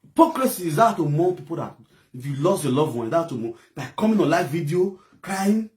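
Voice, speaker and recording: A man with a Nigerian accent, from Edo State, delivering an angry, scolding monologue that breaks into shouting. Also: fairly high pitch, very animated, fairly quick. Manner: heated, scolding, bursts into shouting. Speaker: social media commentator.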